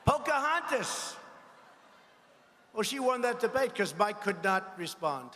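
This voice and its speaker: Older male politician at a podium mic: mocking, rambling, high-pitched, big reverberant arena. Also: lively intonation, normal speed, a bit bright, slight background noise. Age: 70s. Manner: combative, mocking, rambling asides. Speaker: politician addressing a rally. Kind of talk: rally speech. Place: large arena. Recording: echoey arena with long reverb.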